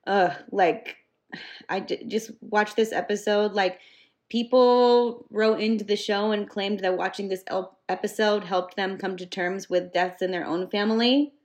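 A woman's voice: medium pitch, fairly even intonation, a little slow. A woman co-hosting a podcast, gushing emphatically about an episode and swearing freely. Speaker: podcast co-host. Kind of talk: casual podcast chat.

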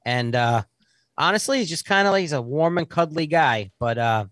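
A man in his forties telling a story in casual talk, animated and often restarting his sentences. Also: on the high side, normal speed, no room sound, studio quality. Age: 40s.

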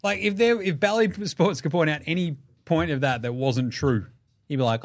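An Australian man hosting a casual sports podcast, his voice sitting a little high. He rants with energy, swears freely and puts on mocking voices for the people he talks about. The sound is dry and close to the mic. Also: moderate pace, no echo. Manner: animated, swears freely, acts out players in silly voices. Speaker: podcast host.

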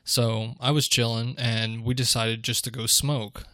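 A man's voice: mid-range voice, level tone, a little slow, bright, forceful tone, no echo, clean studio sound. A young man co-hosting a podcast, telling stories in a laid-back way with plenty of swearing. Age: young adult. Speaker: podcast co-host. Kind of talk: casual chat.

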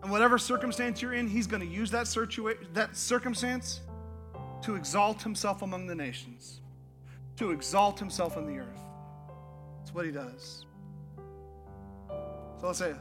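A man preaching a sermon as pastor, animated and full of "like", leading the congregation in spoken declarations. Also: high voice, normal speed, pauses often, faint music behind. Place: church auditorium.

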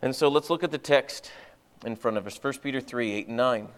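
A man's voice: mid-range voice, fairly quick, clean tone. A man, a pastor, delivering a sermon in an earnest, conversational way with folksy asides and prayer.

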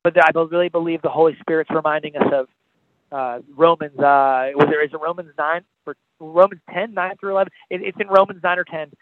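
Man evangelist, fairly high voice, pleading preacher, tinny phone sound. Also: fairly even intonation, brisk, no echo. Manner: impassioned, pleading preaching with repeated phrases. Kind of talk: preaching on a podcast.

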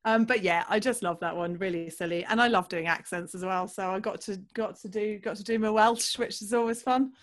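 A woman's voice: medium pitch, brisk, few pauses. A woman from England, a comedy voice actor, chatting casually in an interview, laughing often and filling her speech with ums. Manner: giggly, chatty, many fillers.

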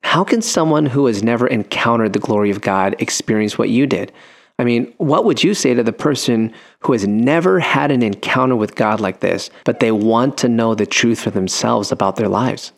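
A man's voice: medium pitch, normal speed, creaky. A man hosting a faith radio interview, affirming and encouraging as he asks questions. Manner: affirming, brief encouraging responses. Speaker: radio show host.

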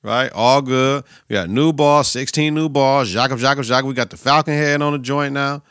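A young man hosts his own podcast solo, chatting about sports and coaching in a loose, slangy, profane way. His voice is bright and forceful. The sound is close and dry, with no room around it. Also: medium pitch, normal speed, clear, resonant tone, no echo. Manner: profane, slangy, animated riffing. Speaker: podcast host, teacher and coach.

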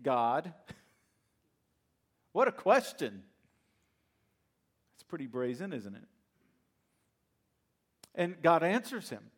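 Male pastor, sermon, animated storytelling, conversational, fairly high voice. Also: slow pace, pauses often, slightly rough.

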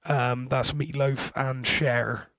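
Husky, gravelly man. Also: medium pitch, little pitch movement, slow, fairly bright tone, no echo, clean studio sound. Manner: hesitant, rambling, wry. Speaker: podcast co-host. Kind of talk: casual chat.

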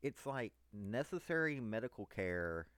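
Slow, low-voiced man giving political commentary. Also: sing-song, clear, resonant tone, no room sound. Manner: emphatic, addresses listeners as ladies and gentlemen. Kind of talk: unscripted political monologue.

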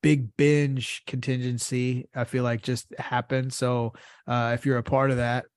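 A man's voice: medium pitch, little pitch movement, measured pace, dry recording. A man co-hosting a podcast in casual chat, rambling, laughing often and swearing freely. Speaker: podcast co-host.

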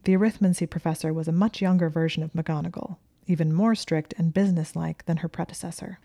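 Low-voiced woman narrating a story. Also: fairly even intonation, creaky. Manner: measured, slips into hushed whispers. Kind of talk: audiobook reading of fan fiction.

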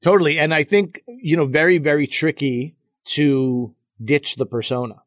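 A man who teaches comedy, talking in a relaxed, reflective way during a casual podcast conversation, with frequent "you know" asides. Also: on the high side, moderate pace, dry recording, studio quality.

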